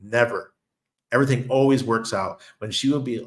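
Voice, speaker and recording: A man's voice: mid-range voice, moderate pace. A man with a New York accent talking casually to his viewers, telling stories and laughing often. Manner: chatty storyteller, laughs often. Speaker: crypto channel host. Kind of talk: casual monologue.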